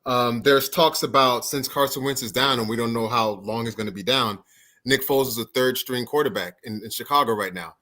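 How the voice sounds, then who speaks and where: A man's voice: mid-range voice, a little fast, bright, forceful tone. A man hosting a casual sports podcast who poses the questions and often restarts his sentences. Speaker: podcast host.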